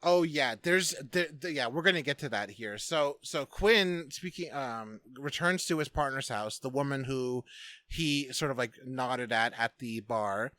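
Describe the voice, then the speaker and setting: A man's voice: medium pitch, unhurried, pushed and bright, no echo. A man hosting a podcast, recapping a movie in casual, rambling chat full of "like" and swearing. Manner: rambling, profane, lots of "like". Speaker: podcast host.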